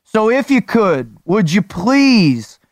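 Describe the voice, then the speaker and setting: Male podcast host, high voice, fired-up and profane, dry close mic. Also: slow pace, dry recording. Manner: energetic, profane storyteller. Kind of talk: casual podcast chat.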